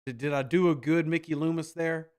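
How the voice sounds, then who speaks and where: Brief: animated male podcast host, slightly high voice, sarcastic banter. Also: brisk, clear, resonant tone. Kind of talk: casual chat reacting to viewer comments.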